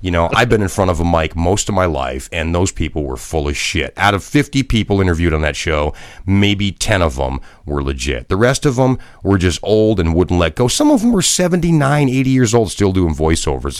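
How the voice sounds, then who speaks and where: A man's voice: deep voice, big pitch swings, fairly quick, few pauses, no echo, clean studio sound. A middle-aged man and former broadcaster, co-hosting a podcast in casual chat with blunt, profane rants. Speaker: podcast co-host.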